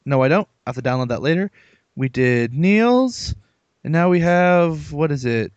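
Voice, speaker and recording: Jokey podcast cohost guy, a bit high voice, muffled lo-fi sound. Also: expressive, smooth, no room sound. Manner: jokey, quick asides, laughs often. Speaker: podcast co-host. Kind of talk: casual chat. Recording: dull lo-fi sound.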